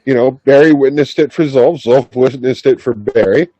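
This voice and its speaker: A man hosting a comedy podcast, teasing his co-hosts with dry, deadpan jokes. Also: medium pitch, moderate pace, no echo, highs cut off. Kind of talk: casual comedic banter.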